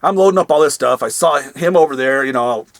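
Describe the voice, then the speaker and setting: A man's voice: medium pitch, quick pace, vocal fry, a little hiss or hum. Rambling male reseller vlogger. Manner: rambling, many ums and asides. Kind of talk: casual storytelling vlog.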